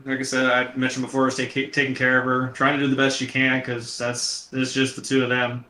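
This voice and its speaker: A man's voice: medium pitch, bright, forceful tone, echoey room. A man co-hosting a casual film talk show, rambling and swearing freely, with many restarts. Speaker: podcast co-host.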